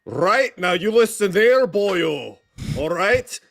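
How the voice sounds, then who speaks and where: A man's voice: high-pitched, sing-song, takes it slowly, gravelly, voice pushed up, heavily acted. A man putting on a brash mock Irish accent that drifts toward Scottish, talking man to man. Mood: blustering. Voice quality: loud, boisterous.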